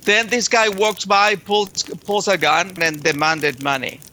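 A man telling his personal faith testimony, emotional and halting, often restarting his words. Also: high-pitched, fairly even intonation, sharp tone, a little hiss or hum.

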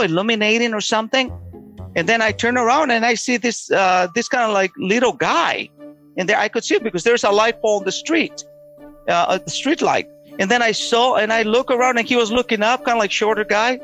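A middle-aged man tells a personal story in a slightly high voice, earnest and halting, often stopping to restart a sentence. Soft music plays faintly behind him. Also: muffled recording. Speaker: storyteller sharing a personal testimony.

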